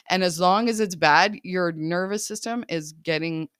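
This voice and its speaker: A woman's voice: lowish voice, normal speed, smooth, dry recording, clean studio sound. A woman podcast host talking casually as a life coach, chatty, often laughing and checking in with listeners.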